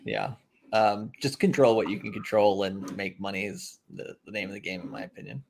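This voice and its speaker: Gravelly man in casual chat. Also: on the low side, fairly quick, darkish tone, a little hiss or hum. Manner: rambling, filler-heavy, easy laughs. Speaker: podcast co-host. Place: house in Japan.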